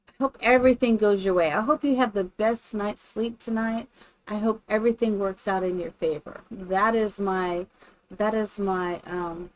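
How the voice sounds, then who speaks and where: A woman live-streaming, chatting casually and thinking aloud while she builds in a game, greeting her viewers by name. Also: mid-range voice.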